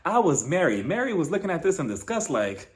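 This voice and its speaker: Male recap host: sassy, gossipy, higher-pitched, very expressive delivery. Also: fast. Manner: sassy, gossipy, laughs often. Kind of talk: casual episode recap commentary.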